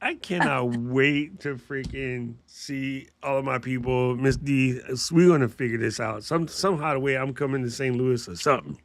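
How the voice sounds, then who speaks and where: A man's voice: medium pitch, normal speed, few pauses, dry recording. A man hosting a live podcast stream, chatting casually with slang, joking and often laughing. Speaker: podcast host. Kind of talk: casual livestream chat.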